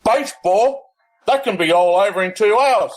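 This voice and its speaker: A high-pitched man spins a party anecdote in a podcast roundtable. He is chatty and relaxed, building his stories toward a punchline. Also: normal speed, low-quality recording. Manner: anecdotal storyteller, lively. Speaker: podcast panelist. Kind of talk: casual roundtable chat.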